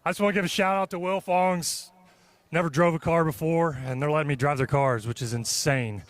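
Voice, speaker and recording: A man with a slightly high voice, breathless and thrilled after a race. He talks casually and gratefully between breaths at an outdoor speedway. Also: steady tone, brisk, no echo. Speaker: police officer and guest driver.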